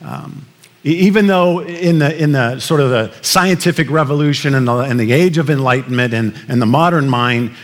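A pastor giving a conversational sermon, telling stories with many fillers and restarts. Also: male voice, medium pitch. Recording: long reverb of a large hall.

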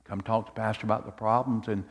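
A man preaching a sermon as pastor, swinging from loud fervent preaching to hushed tender tones. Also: fairly low pitch, little pitch movement, quick pace, gravelly, big-room sound.

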